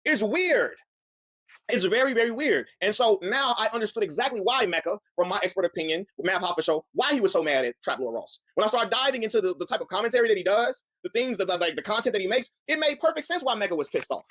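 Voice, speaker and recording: Fast-talking man, heated commentary. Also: high voice, very animated, a bit bright. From Chicago. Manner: heated, earnest, repeats words as he builds a point. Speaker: commentary channel host. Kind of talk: reaction commentary.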